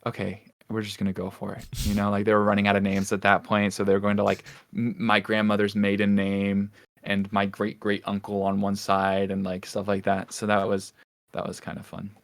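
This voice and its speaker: A man's voice: fairly low pitch, completely flat delivery, moderate pace, no room sound, clean studio sound. A young man co-hosting a podcast, talking casually and rambling with lots of fillers and restarts. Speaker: podcast co-host. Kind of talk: casual chat.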